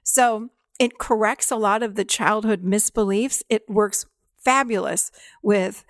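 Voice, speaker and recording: A woman's voice: medium pitch, steady tone, unhurried, dry recording, studio quality. A middle-aged woman hosting a podcast, talking casually and acting out dialogue with clients. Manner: acts out quoted dialogue, warm validating tone, laughs often. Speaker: podcast host and therapist.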